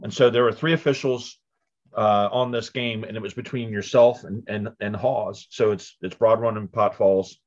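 Lower male co-host on a dull line. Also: steady tone, normal speed. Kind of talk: casual podcast chat.

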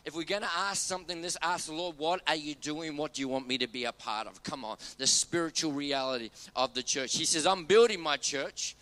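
A man preaching a sermon as pastor, emphatic, repeating key phrases and dropping low and quiet on his main points.

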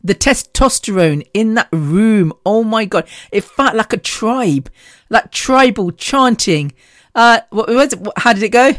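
A woman's voice: on the high side, expressive, measured pace, dry recording, studio quality. A woman hosting a podcast, talking in a gushing, chatty way and laughing often. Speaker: podcast host. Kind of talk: casual monologue.

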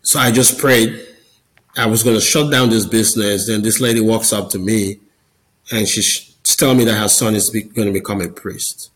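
A man's voice: lowish voice, steady tone, normal speed, rough recording. A man as a podcast guest, telling his personal testimony in an earnest, conversational way and often repeating words as he goes. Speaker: podcast guest, Catholic business founder.

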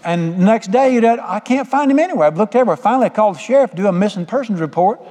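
A middle-aged man preaching in a fairly high voice, with a folksy storytelling manner and frequent questions to his listeners. The sound carries a long reverb, as in a big church hall. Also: lively intonation, racing, warm tone. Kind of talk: sermon.

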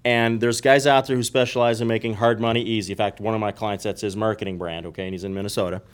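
A man's voice: fairly low pitch, level tone, fast talker, clean tone. A man in casual podcast talk, explaining things emphatically and repeating his key points. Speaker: real estate investor and podcast guest.

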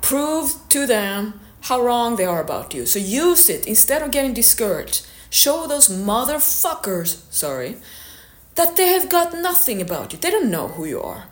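Woman fitness coach, motivational monologue, frank and blunt, slightly high voice, echoey room. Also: very animated, normal speed. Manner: blunt, candid, swears now and then.

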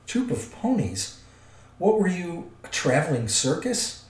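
Beorn, a gruff big man, read by a man. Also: a little high, wildly swooping pitch, measured pace, voice pushed up. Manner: growling, curt. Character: gruff, blunt big man, impatient host. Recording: roomy echo.

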